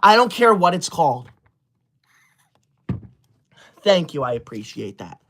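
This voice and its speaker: A man in his twenties, his voice fairly high, sing-song, brisk, and fairly bright, plays a comedy character, a pompous and bossy young livestreamer. Haughty, he scolds his chat while reading super chats, with slight background noise audible.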